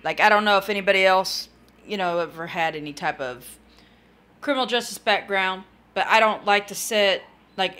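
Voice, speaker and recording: A woman's voice: medium pitch, fairly bright tone. A woman chatting casually on a live stream, tired and yawning, rambling and talking to chat viewers by name.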